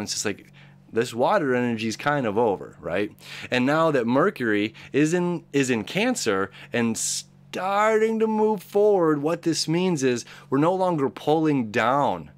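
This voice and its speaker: Male host, young adult, mid-pitched, casual rambling astrology chat with many fillers. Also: sing-song, unhurried. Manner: rambling, upbeat, many fillers and acted-out inner voices. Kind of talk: casual spoken astrology reading.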